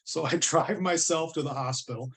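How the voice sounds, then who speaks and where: A man's voice: on the high side, moderate pace, fairly bright tone. A middle-aged American man, a guest on an interview show, telling his story earnestly and vividly, acting out the voices of people he quotes. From United States.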